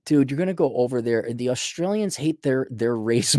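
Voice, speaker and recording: A man's voice: medium pitch, lively intonation, normal speed, darkish tone, no room sound. A man hosts a casual rant, answering a viewer's letter in a blunt, profane way. He rambles and restarts often, with a mid-range voice. The sound is dry and close. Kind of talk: casual ranting commentary.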